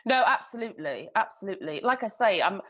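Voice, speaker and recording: Lady on a podcast panel, earnest, a bit halting, muffled lo-fi sound. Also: mid-range voice, sing-song, a bit bright, slightly rough. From Yorkshire, England. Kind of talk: casual panel discussion.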